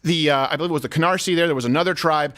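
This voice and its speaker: A man hosts a talk show, delivering opinionated comedic commentary in a sarcastic, animated manner that slips into acted-out dialogue. His voice is on the high side and rapid-fire.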